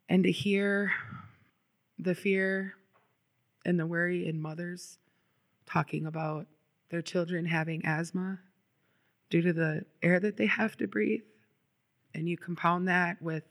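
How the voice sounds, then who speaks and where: A woman speaks at a public event as a climate justice organizer. Her delivery is earnest and impassioned, though her pitch stays fairly level. She sounds steady and sure, with the odd filler. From Minnesota. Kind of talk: public speech.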